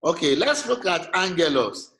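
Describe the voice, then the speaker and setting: A man's voice: fairly high pitch, big pitch swings, moderate pace, creaky, a bit bright. A man with a Nigerian English accent teaching an online class, patiently checking that his students follow. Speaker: lecturer. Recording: echoey room, faint noise.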